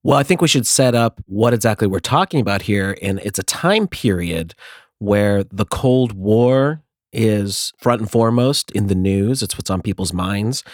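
A man hosts a talk show, framing the discussion and posing questions. His voice is fairly low, recorded dry and close with no room sound. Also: no room sound. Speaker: host. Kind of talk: conversational interview.

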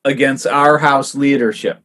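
A man's voice: medium pitch, steady tone, unhurried, fairly bright tone. A man co-hosting a comedy podcast, rambling loosely and laughing as he talks. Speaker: podcast co-host. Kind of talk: casual comedic chat.

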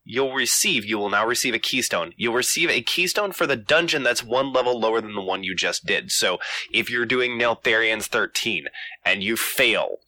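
Man, podcast host, bright tone, dry close sound, relaxed and hesitant. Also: fairly low pitch, no echo. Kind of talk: casual gaming podcast chat.

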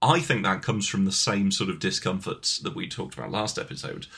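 A man's voice: low voice, a bit bright, slightly rough. A man co-hosting a casual podcast chat, with a mild English Midlands accent and a wry, joking manner. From England, Coventry. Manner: wry, joking, quick asides. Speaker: podcast co-host.

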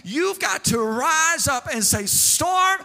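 High-voiced preaching man in a reverberant hall. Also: lively intonation, unhurried. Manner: sing-song preaching cadence, rising to shouts. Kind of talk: sermon. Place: church sanctuary.

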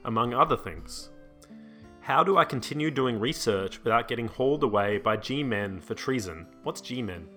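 A man's voice: mid-range voice, lively intonation, moderate pace, a bit bright, faint music behind. A man co-hosting a podcast, giving advice to listeners in a playful, joking way. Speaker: podcast co-host. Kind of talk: casual advice chat.

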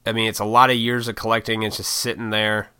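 A man's voice: lowish voice, level tone, fast, bright, forceful tone, clear, resonant tone, dry recording, studio quality. A man in his thirties chatting on his own vlog, rambling and swearing casually with frequent laughs. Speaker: YouTuber and podcaster. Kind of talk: casual solo vlog chat.

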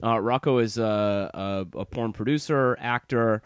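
A man's voice: mid-range voice, measured pace, smooth, dry recording, clean studio sound. A man hosting a podcast, chatting casually and laughing often as he introduces his guest. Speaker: podcast host. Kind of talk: casual interview chat.

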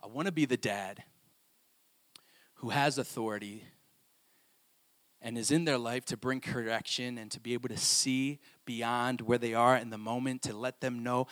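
A man in his thirties preaching a sermon, swinging from soft, tender passages to loud, urgent pleading. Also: medium pitch, steady tone, normal speed. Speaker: pastor.

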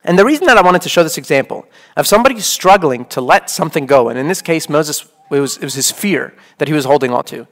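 A man's voice: a little high, lively intonation, fast, a bit bright. A man in his thirties, a priest, giving a conversational sermon full of "like" and "okay?". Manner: casual, peppered with "like" and "okay?".

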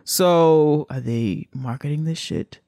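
A woman's voice: deep voice, takes it slowly, vocal fry, dark tone, dry recording. A woman co-hosts a podcast in casual chat, talking in long, rambling runs. She leans hard on her points with plenty of emphasis. Her voice sounds close and dry. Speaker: podcast co-host.

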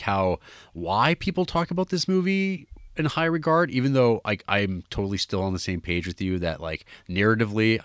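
A man's voice: low voice, a bit bright, dry recording, studio quality. A man co-hosting a podcast, talking through a film in a rambling casual way with many fillers and restarts. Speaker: podcast co-host.

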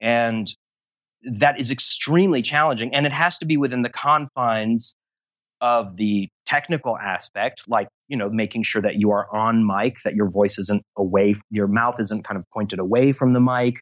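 A man with a lowish, slightly bright voice speaks at a moderate pace, heard on a dry, lo-fi recording. He is a guest in a casual interview about voice acting, rambling on at length with long-winded, self-deprecating humor.

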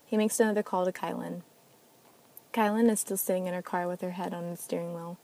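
Mellow-voiced woman narrating a drama. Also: lowish voice, steady tone, brisk, poor audio. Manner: reads all parts herself. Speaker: narrator and sole reader. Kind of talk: reading an amateur audio drama.

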